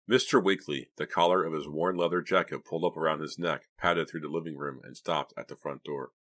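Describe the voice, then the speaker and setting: A man narrating an audiobook in a steady, measured storytelling manner. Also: rumbling low. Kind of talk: scripted narration.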